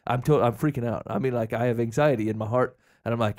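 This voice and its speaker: A man's voice: mid-range voice, quick pace, few pauses, a little mellow. A young man co-hosting a casual chat, telling a self-deprecating story with jokes. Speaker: podcast co-host.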